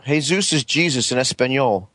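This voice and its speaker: A man's voice: medium pitch, lively intonation, moderate pace, a bit bright, no room sound. A man in casual chat who mostly chimes in with short agreeing remarks. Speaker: podcast co-host.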